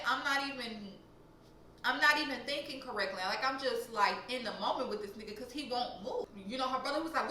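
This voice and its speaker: A young woman from Louisiana with a Louisiana accent, telling a profane, animated storytime that jumps high and loud when she gets heated. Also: very echoey, far from the mic, a little hiss or hum, poor audio. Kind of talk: casual storytime.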